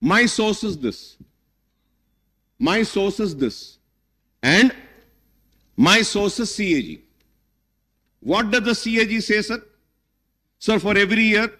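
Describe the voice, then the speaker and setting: In a large legislative chamber with long hall reverb, a middle-aged man with an Indian English accent speaks emphatically in debate. His voice is high, pushed and bright; he keeps saying "sir" to the chair and moves between English and Hindi.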